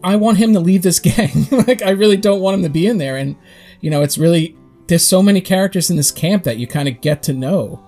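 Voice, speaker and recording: A man co-hosting a podcast talks in a rambling, animated way, slipping into quick acted-out quotes. His voice sits a little high. Faint music plays underneath. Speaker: podcast co-host. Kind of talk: casual chat.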